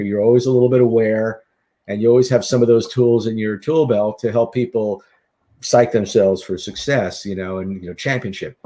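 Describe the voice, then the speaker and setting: Middle-aged man telling lively stories. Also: mid-range voice. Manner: lively, animated storyteller who acts out quotes. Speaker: interview guest, author and hypnotist. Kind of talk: casual interview storytelling.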